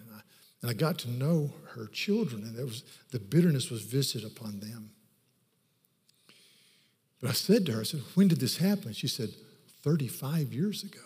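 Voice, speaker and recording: A male pastor's mid-range, darkish voice fills a reverberant hall as he preaches. He moves from storytelling to driving home points from scripture with emphasis.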